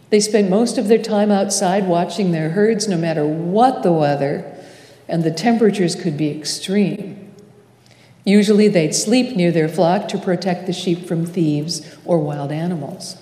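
Slow, mellow-voiced woman preaching in echoey church. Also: fairly low pitch. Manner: slow, measured preaching with dramatic pauses. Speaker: pastor. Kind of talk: sermon. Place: church sanctuary. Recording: echoey church hall with long reverb.

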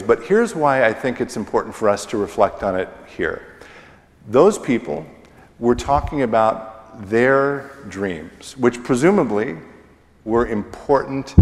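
Slow-preaching pastor in a reverberant church. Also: male voice, mid-range voice. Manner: slow, deliberate preaching with pauses and falling endings. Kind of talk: sermon. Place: church sanctuary.

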